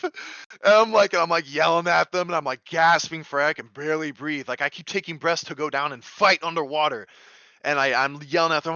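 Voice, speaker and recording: Bright-voiced man telling a wild story. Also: a little high, no echo. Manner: animated, swings from quiet narration to loud exclaimed quotes; loose and profane, heavy use of "like". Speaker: podcast guest. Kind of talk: casual podcast storytelling. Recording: dry, dull lo-fi sound.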